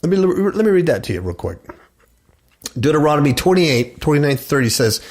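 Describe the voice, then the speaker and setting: A man's voice: a little high, very animated, brisk. A man preaching and reading scripture aloud, emphatic and repeating words for effect. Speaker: preacher hosting a religious talk show.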